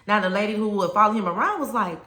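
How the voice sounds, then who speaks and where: A woman's voice: medium pitch, animated, quick pace, bright, forceful tone. Emphatic woman teacher in an echoey room. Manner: emphatic, storytelling, repeats key points. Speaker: former teacher giving classroom advice. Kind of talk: conversational advice talk to teachers.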